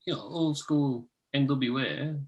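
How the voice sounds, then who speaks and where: A man's voice: mid-range voice, a little slow, a little mellow, lo-fi sound, slight background noise. A man co-hosting a casual wrestling review podcast, emphatic and laughing often. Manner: reads notes aloud, laughs often, emphatic. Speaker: podcast co-host.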